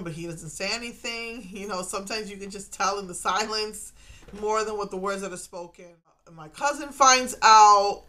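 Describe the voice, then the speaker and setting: Middle-aged woman from Puerto Rico, bright voice, emotional confessional vlog, rambling with restarts. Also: medium pitch. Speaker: vlogger. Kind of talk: personal confessional monologue.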